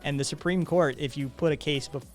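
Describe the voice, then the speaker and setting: A man hosts a live stream, chatting casually, swearing freely, and reading viewer messages aloud in a profane, animated way. His voice is a little high and brisk, with soft music in the background.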